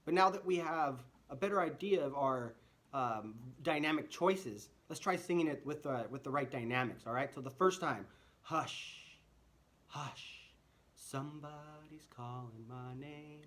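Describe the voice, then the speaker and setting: A man's voice: mid-range voice, expressive, normal speed, fairly bright tone. A man teaching a children's music lesson, friendly and full of rhetorical questions, singing short phrases to demonstrate.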